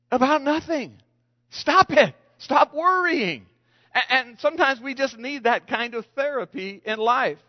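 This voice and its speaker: A man preaching a sermon, telling stories with restarts and acted-out quotes. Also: sits high. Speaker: pastor. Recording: dull lo-fi sound with long reverb.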